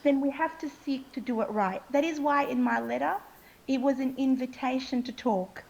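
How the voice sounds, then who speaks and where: A woman's voice: high voice, moderate pace, gravelly, darkish tone, poor audio. A woman speaking in an interview, earnest and impassioned, often checking in with "okay?". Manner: earnest, keeps asking "okay?". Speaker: interview guest.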